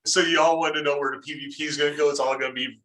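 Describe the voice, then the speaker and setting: Brash bright-voiced man gaming. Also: a little high, fairly even intonation, very fast. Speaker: player. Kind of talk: casual tabletop chat. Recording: far from mic with faint noise.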